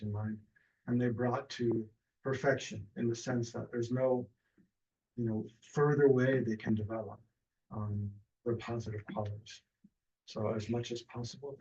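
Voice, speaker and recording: A man teaching a meditation class in a relaxed, hesitant way with many fillers and restarts, speaking over a video call. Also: medium pitch, creaky. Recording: distant, dull lo-fi mic.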